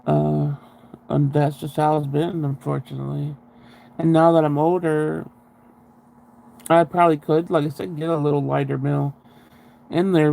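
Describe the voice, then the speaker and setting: A man telling his own story in a casual interview, frank and halting, with blunt swearing. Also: fairly high pitch, gravelly, mellow, low-quality recording.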